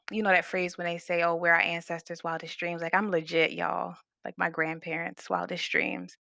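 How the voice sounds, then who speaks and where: A woman's voice: lowish voice, fairly bright tone, dry recording, studio quality. A woman from Baltimore in her thirties, talking casually and thoughtfully as a podcast guest, full of "like" fillers. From Baltimore, United States. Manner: thoughtful, leans heavily on "like" fillers. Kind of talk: casual reflective conversation.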